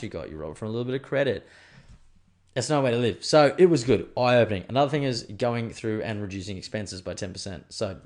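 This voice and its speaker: A man's voice: on the low side, expressive, fast talker, a little mellow. A young man hosting a solo podcast, chatting casually and swearing as he rambles through stories. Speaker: podcast host.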